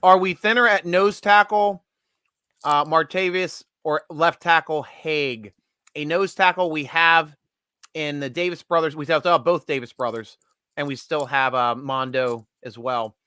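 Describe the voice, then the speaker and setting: A man hosting a live sports chat stream, excitable, laughing often and talking in quick bursts. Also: fairly high pitch, clean tone, no echo, clean studio sound. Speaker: host.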